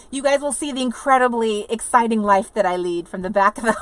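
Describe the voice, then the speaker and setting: A woman's voice: mid-range voice, fairly quick, few pauses, a bit bright, a little hiss or hum. A woman hosting a casual livestream from inside an RV, rambling chattily, laughing often and reading viewer comments aloud. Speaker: livestream host. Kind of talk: casual live chat with viewers.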